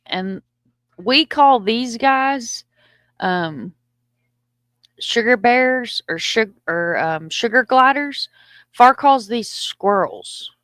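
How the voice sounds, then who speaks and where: A woman's voice: fairly high pitch, expressive, drawn-out words, fairly bright tone, no room sound, studio quality. A middle-aged woman, hosting a casual live stream, reading comments aloud in a chatty, loose and profane way. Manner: chatty, loose and profane, stumbles over words.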